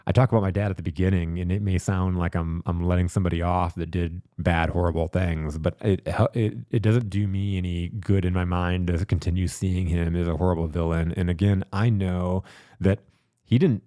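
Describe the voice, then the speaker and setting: A man's voice: low voice, steady tone, a little fast, mellow, no room sound, studio quality. A man hosting a podcast, telling candid personal stories in a rambling, reflective way with many repeated words. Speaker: podcast host. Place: studio.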